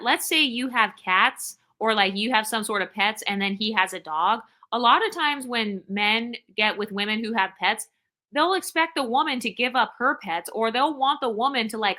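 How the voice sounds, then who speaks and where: Woman doing a sarcastic rant for her channel, sharp bright voice. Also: fairly high pitch. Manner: sarcastic, ranting. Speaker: channel host. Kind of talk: opinion monologue to camera.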